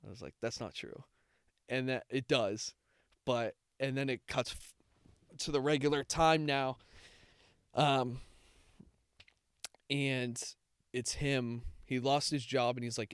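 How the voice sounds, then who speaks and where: Smooth-voiced man telling a heartfelt story. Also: medium pitch, dry recording, clean studio sound. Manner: rambling, heartfelt storytelling with many fillers. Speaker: podcast co-host. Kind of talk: casual chat.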